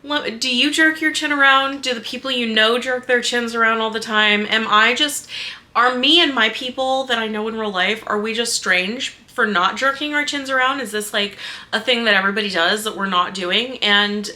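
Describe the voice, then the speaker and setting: A young woman chats straight to the camera about a book she just finished. Her voice sits a little high and sounds bright and forward. She rambles and loops back on her points in an easygoing vlog manner. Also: moderate pace. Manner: chatty, rambling, repeats herself. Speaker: book reviewer. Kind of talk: casual vlog chat.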